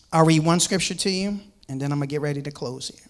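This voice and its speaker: A man preaching a sermon, reading scripture aloud and explaining it to his listeners. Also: a little high. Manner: reads scripture aloud and comments on it; repeats words and restarts, addresses listeners as "man".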